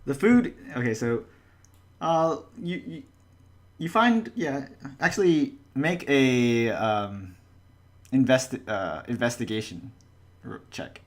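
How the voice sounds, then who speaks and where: A man acting as game master, narrating a tabletop game in a halting way with many restarts. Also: mid-range voice, lively intonation. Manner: halting, full of restarts and fillers.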